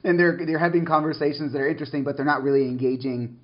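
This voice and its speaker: A man hosting an interview, relaxed and chatty, prompting his guest with questions. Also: a little high, rapid-fire. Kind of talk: conversational interview. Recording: dull lo-fi recording.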